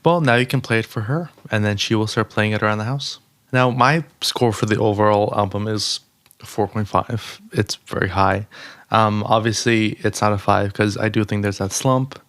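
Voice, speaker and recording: A young man co-hosting a podcast in casual chat, upbeat and quick with asides, laughing often. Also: fairly low pitch, fairly bright tone, no room sound. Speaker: podcast co-host.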